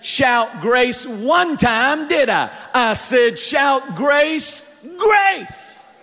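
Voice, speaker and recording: A man voicing an insistent ancient prophet who shouts emphatic commands. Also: very high-pitched, expressive, very slow, big-room sound, soft background music, pitched above the performer's own voice, heavily acted. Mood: commanding.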